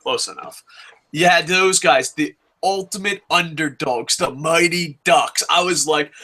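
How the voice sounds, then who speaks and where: A man in his thirties hosting a casual wrestling review, excitable and profane, breaking into jokey shouts. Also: on the high side, moderate pace. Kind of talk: casual podcast chat.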